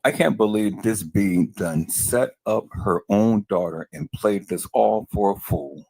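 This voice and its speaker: A man with a very deep, husky voice rants to his livestream viewers, stumbling over repeated words in his anger. The sound is dry and close, like a desk mic right at his computer. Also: measured pace, darkish tone, no echo. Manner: furious, repeats himself, addresses viewers as peoples. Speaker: livestream host. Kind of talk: angry livestream commentary.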